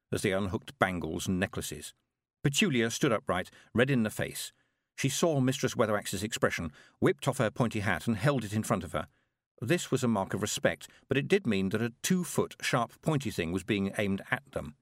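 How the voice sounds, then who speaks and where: A man reading a fantasy novel aloud with a lively, expressive lilt that rises and falls. His voice sits at a middle pitch. The recording is dry and close, with no room sound. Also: a little fast, no room sound. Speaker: audiobook narrator. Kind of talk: scripted narration.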